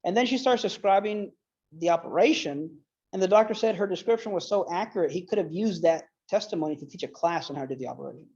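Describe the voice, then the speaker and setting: A man's voice: high-pitched, fast talker, a little mellow, slightly rough, muffled recording. A man giving an earnest, casual storytelling talk, rambling with many fillers and getting emotional as he retells stories. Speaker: apologetics speaker.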